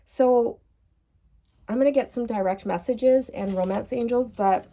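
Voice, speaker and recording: Tarot reader, woman, unhurried delivery, soft mellow tone, repeats herself, laughs off slips. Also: fairly high pitch. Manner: loose and chatty, repeats phrases, laughs at her own slips. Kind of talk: tarot card reading monologue.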